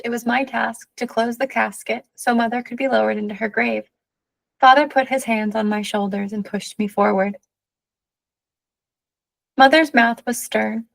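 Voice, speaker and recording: A woman reading a children's novel aloud, with measured, steady first-person narration. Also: fairly high pitch, creaky, no room sound, rough recording. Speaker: audiobook reader.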